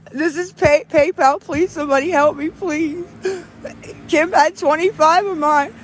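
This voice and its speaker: A woman's voice: sits high, moderate pace, slight background noise. A young woman from western Pennsylvania, crying and cold, pleading for help on a live stream with heavy sighs. She is outdoors in the cold. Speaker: livestreamer.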